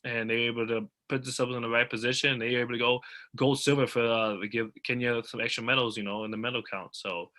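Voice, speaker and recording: A young man with a very bright, forward voice talks as a guest over a video call. He is animated and eager as he breaks down races, with the energy of a casual chat. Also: medium pitch, fast talker. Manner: animated, eager sports talk. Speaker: guest athlete.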